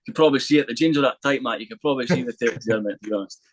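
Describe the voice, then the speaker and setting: On a podcast, a quick-speaking male guest tells a crude, profanity-filled story, slipping into the voices of the people he quotes. His middling-pitched voice is captured close and dry, with no room sound, but the audio is poor. It's casual storytelling.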